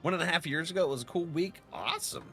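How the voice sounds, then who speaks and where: A man's voice: fast talker, creaky, soft background music. A man streaming a game, chatting casually with his viewers and reading their messages aloud, laughing often. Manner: chatty, reads chat aloud, laughs often, lively swings in pitch.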